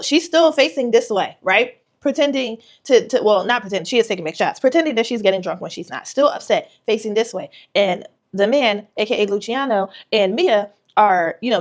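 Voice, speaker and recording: A woman author giving a casual vlog tutorial, retelling a story animatedly with quoted voices. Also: a little high.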